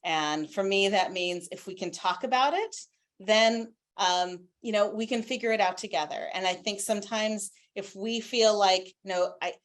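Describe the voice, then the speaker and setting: She is a woman guest speaker talking about parenting from home over a video call, with a mid-range voice. She gives her answers in a warm, lively way and often drops in short anecdotes. Her delivery stays conversational. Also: medium pitch, moderate pace.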